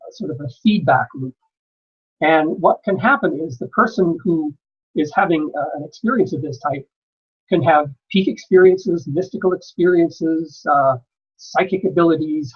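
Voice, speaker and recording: A man lectures at a conference in a measured way, pausing often on "uh" as he gathers his thoughts. His voice sits a little high and sounds husky. The recording is dull and lo-fi. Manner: measured, with frequent "uh" pauses. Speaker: conference speaker. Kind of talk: lecture presentation. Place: conference hall.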